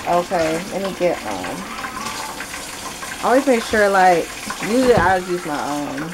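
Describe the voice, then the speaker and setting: A woman's voice: fairly low pitch, big pitch swings, a little slow, background noise. A young woman chatting playfully to her viewers while cooking in her home kitchen, with slangy asides. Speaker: vlogger. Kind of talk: casual cooking vlog chat. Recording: loud frying sizzle in the background.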